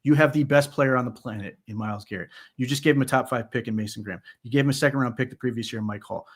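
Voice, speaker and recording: A man co-hosting a sports podcast, giving animated, conversational post-game analysis with frequent restarts. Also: mid-range voice, racing.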